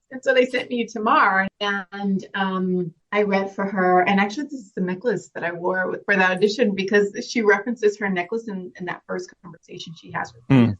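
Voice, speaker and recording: In a casual interview, an actress appearing as a guest talks earnestly and thoughtfully and laughs a lot. Her mid-range, fairly bright voice moves fairly quickly with few pauses, on slightly dull, lo-fi audio.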